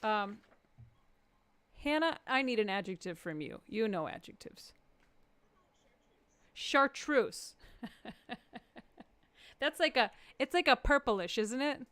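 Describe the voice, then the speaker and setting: A woman comedian hosting a live stream, joking playfully with the audience and jumping into excited quoted voices. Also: fairly high pitch, takes it slowly, pauses often, smooth, no echo.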